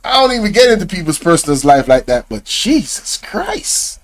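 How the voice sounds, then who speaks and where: High-voiced man exclaiming in disbelief. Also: big pitch swings, normal speed. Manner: exclaiming, incredulous, often laughing; slang-heavy, addresses viewers directly. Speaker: reaction video host. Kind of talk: casual reaction commentary.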